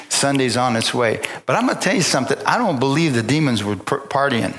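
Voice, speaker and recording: A man's voice: medium pitch, lively intonation, quick pace, few pauses, a bit bright. A man preaching a sermon, retelling the story in a loose, conversational way, acting out the dialogue and often stopping to restart his sentences. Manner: casual retelling with acted-out dialogue. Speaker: pastor.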